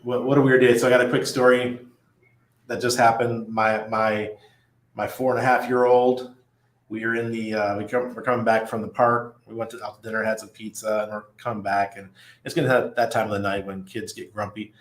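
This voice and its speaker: A middle-aged man hosts a casual livestream from his apartment, talking loosely and laughing often as he reads out viewer comments. His voice sits on the low side, and it rings a little in an echoey room. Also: flat delivery, brisk. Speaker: livestream host. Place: apartment above a busy nightlife street. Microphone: studio mic at desk.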